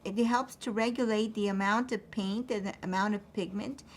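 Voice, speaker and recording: A woman teaching an acrylic painting demonstration, thinking aloud as she paints in a relaxed way. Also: mid-range voice, normal speed, slight background noise.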